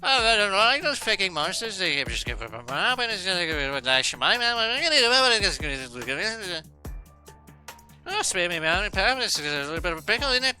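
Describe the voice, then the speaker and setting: A man's voice: high-pitched, sing-song, fast, pushed and bright, soft background music. A man streaming a game, dubbing its lines and riffing in crude jokes with occasional silly voices. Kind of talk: casual gaming commentary, dubbing game lines.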